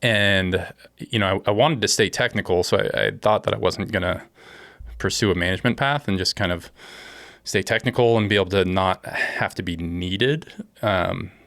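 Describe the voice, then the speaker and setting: A man from California, a guest in a casual interview, telling stories about his life and work in a relaxed, plainspoken way. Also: sits low, moderate pace, gravelly, no echo. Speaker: guest, aerospace engineer and kayaker.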